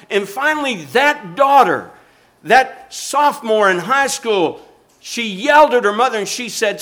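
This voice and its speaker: A man's voice: high voice, animated, moderate pace, fairly bright tone. An older man preaching a sermon, rising and falling in intensity and calling for amens. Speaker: pastor.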